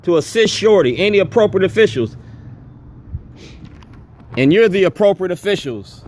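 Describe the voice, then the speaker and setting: A man's voice: sits high, lively intonation, normal speed, a little mellow, slight background noise. A man giving a defiant, confrontational speech at a town hall, repeating his demands. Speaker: activist speaking at a town hall. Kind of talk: impassioned public speech.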